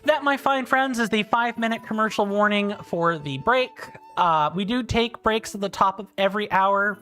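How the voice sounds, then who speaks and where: High-pitched, pushed and bright at a normal pace, the voice belongs to a thirtysomething livestream host from South Carolina with a British-sounding accent. He reads chat on a casual game stream, friendly and rambling, full of fillers and restarts, over soft background music.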